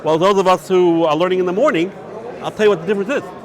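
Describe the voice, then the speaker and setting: A man's voice: high-pitched, steady tone, fast talker, darkish tone, a faint crowd. A man, a rabbi, teaching Jewish law in a yeshiva lecture. He asks questions and answers them himself, and he mixes Hebrew and Yiddish terms into his English.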